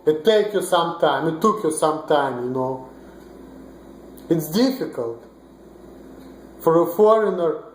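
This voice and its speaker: A young Russian-accented man delivers a rambling, blunt, profane vlog rant. His voice sits a touch high for a man, and the room around him rings with noticeable echo. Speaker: vlogger. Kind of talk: ranting monologue to camera. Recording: roomy echo.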